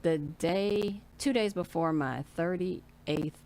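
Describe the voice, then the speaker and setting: A woman's voice: fairly low pitch, slow, darkish tone, slight background noise. A woman in her forties chatting candidly as an interview guest, telling her story and acting out what people said to her. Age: 40s. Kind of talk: casual interview chat.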